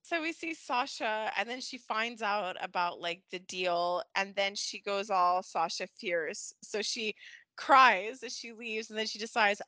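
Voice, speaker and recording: A woman co-hosting a casual podcast chat, animated and laughing often, acting out characters' lines as she recaps. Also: mid-range voice, unhurried, dry recording. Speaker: podcast co-host.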